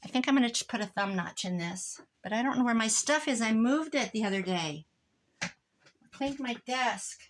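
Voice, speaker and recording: A woman's voice: on the high side, moderate pace, slight background noise. A woman, chatting through a rambling family story while she works on a craft project at home. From Iowa, USA. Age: 60s. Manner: rambling, animated anecdotes with asides about the craft. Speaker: crafting vlogger. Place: home craft desk indoors.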